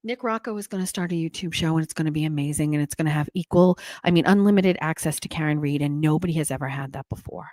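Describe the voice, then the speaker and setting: A woman hosting a podcast, chatting casually in a gossipy, animated way. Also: deep voice, fast, few pauses, no room sound. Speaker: podcast host. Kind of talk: casual chat.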